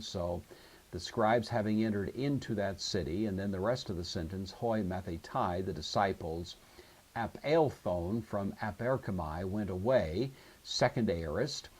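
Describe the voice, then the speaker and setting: Husky low-voiced man teaching grammar. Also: a little mellow. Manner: methodical, explains each form step by step. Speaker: Greek teacher. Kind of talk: lecture walking through grammar exercises.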